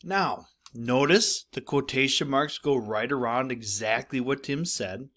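A man's voice: medium pitch, measured pace, fairly bright tone. A male teacher giving a recorded lesson, explaining step by step and speaking straight to his students. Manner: explanatory, addresses students directly.

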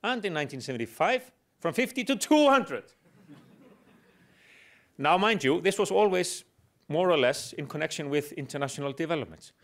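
Brief: middle-aged man lecturing in English, slightly high voice, wry humor, pauses on "uh". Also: animated. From Iceland. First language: Icelandic. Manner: explanatory with dry humor, hesitant fillers. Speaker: guest lecturer. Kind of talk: public lecture.

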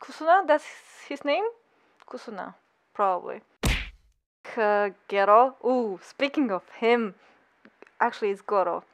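A young woman gushing and squealing through an excited reaction vlog, full of giggles and fangirl exclamations. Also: on the high side, a little slow, long pauses. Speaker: anime vlogger.

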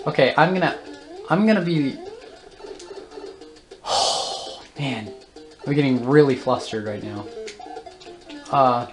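A woman's voice: rumbling low, slow pace, long pauses, soft background music. A woman giving casual commentary while playing a video game, often flustered and groaning at it. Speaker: let's play host.

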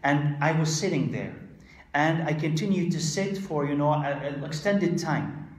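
A man's voice: on the high side, unhurried. Man, Islamic lecturer, conversational lecture, frequent fillers, voice echoing around the room. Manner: conversational, acts out quoted exchanges, frequent fillers. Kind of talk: religious lecture.

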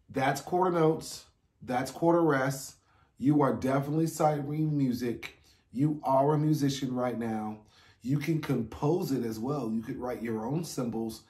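A man's voice: medium pitch, darkish tone, roomy sound. A man teaching a beginner music theory lesson online, upbeat and encouraging as he counts beats aloud for his students to clap along.

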